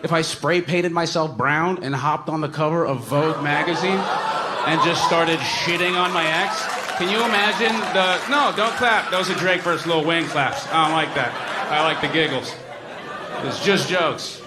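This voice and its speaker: A man doing stand-up on a live stage through a handheld mic, his voice sitting a little high. He rambles with self-deprecating asides and lots of fillers, then bursts into shouted bits. Clear noise runs through the live recording. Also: moderate pace, over a noisy crowd. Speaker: stand-up comedian. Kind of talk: stand-up comedy set. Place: live comedy stage before an audience.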